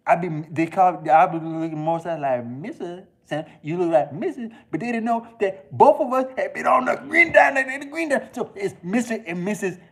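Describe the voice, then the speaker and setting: A man's voice: high voice, expressive, moderate pace, hardly any pauses. A man talking straight to camera in a loose, rambling monologue, with slangy talk, frequent restarts and chuckles. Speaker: video creator.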